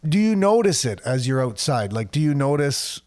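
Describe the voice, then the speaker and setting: Male host with a bit of a cold, chatty and quick to laugh, reads out viewer messages. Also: mid-range voice, big pitch swings, darkish tone. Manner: chatty, laughs often, restarts sentences. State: slight cold, voice a little deeper. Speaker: talk show host. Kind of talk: casual chat, reading viewer comments.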